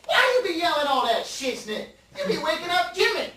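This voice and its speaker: A man voicing a rowdy frat-boy roommate who yells in slang. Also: very high voice, big pitch swings, a little fast, heavy reverb, distant mic, a little hiss or hum, voice pushed up, full character voice.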